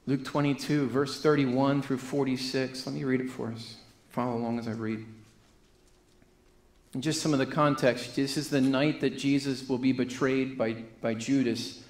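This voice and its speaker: A man's voice: medium pitch, flat delivery. Earnest man preaching in an echoey church. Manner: earnest, pauses and restarts phrases. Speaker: pastor. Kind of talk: sermon with scripture reading. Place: church sanctuary.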